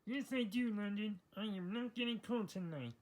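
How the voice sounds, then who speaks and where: Someone voicing an eager toy character in a homemade story video, talking quickly. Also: medium pitch, a little mellow, close to an everyday voice, low-quality recording.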